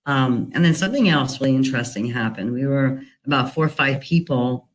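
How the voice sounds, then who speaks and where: A woman's voice: very deep voice, fairly quick, rough recording. A woman relationship coach sharing a personal story in an earnest, conversational way, with frequent "you know" fillers. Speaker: relationship and divorce recovery coach.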